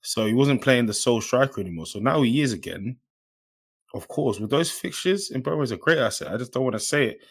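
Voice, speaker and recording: A man's voice: medium pitch, expressive, a little fast, creaky, breathy edge. A man co-hosting a football podcast, laid-back and slangy in his banter. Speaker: podcast co-host. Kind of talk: casual football chat.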